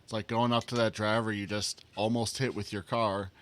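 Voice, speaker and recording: A man chatting casually on a podcast in a relaxed way, laughing along often. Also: on the low side, moderate pace, slight background noise. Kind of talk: casual chat.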